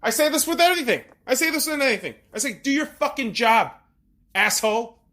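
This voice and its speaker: A man's voice: very high-pitched, expressive, fairly quick, sharp tone, voice pushed up, heavily acted. A man doing a put-on voice of an exasperated man who scolds people and rants shrilly.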